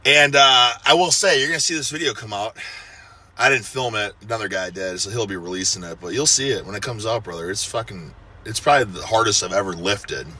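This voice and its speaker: A man's voice: lowish voice, a little fast, bright, forceful tone, husky. A man of thirty giving a casual, profane motivational pep talk, intense and full of gym bravado. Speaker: fitness personality giving a personal message.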